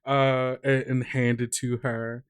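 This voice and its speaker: A man's voice: medium pitch, level tone, slow pace, clean tone. A man playing in a tabletop game, describing his character in a hesitant way. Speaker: player. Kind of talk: casual chat.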